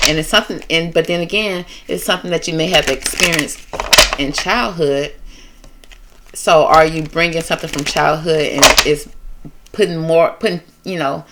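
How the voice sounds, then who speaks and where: A woman's voice: low-pitched, noisy background. A woman giving a casual tarot reading, talking in a loose, emotive, repetitive way with features. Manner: conversational, repetitive, emotive, drawn-out phrasing. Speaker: tarot reader.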